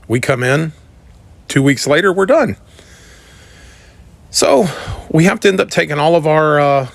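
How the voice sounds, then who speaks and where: A middle-aged man who remodels bathrooms, telling a story in a casual, halting way. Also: medium pitch, gravelly, fairly bright tone. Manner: halting, with fillers and restarts.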